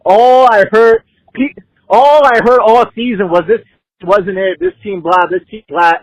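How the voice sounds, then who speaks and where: Furious shouting male sports caller. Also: high voice, steady tone, unhurried, no echo, dull audio. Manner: shouting, furious, profane ranting. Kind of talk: angry sports call-in rant.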